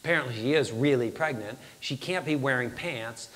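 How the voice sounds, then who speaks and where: A man giving a motivational talk on stage, telling a personal story in an animated, self-deprecating way and acting out his own lines. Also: mid-range voice, moderate pace, big-room sound, slight background noise. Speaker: motivational speaker.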